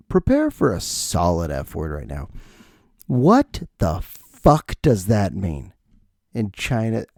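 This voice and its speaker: A middle-aged man hosting a podcast, rambling through profane, animated comic stories on a close mic. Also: medium pitch, gravelly, no room sound. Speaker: podcast host. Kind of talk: comedic podcast monologue.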